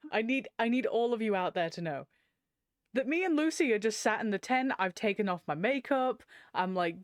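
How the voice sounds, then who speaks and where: A woman from England co-hosting a podcast, chatty and relaxed, laughing often. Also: a little high, no echo, studio quality. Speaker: podcast co-host. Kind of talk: casual chat.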